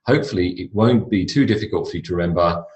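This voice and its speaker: Australian male teacher, low voice, deliberate and repetitive delivery, roomy echo. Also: darkish tone. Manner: slow, deliberate, repeats words for emphasis. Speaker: English pronunciation teacher. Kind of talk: recorded online lecture.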